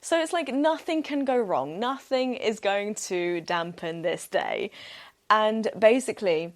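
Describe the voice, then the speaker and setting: A young woman recounts a story on her own podcast, bright in spirit and full of "like" fillers. She laughs easily and slips into lively voices for quoted speech, keeping a middle-pitched, everyday tone. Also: measured pace. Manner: upbeat and chatty, many "like" fillers. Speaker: podcast host.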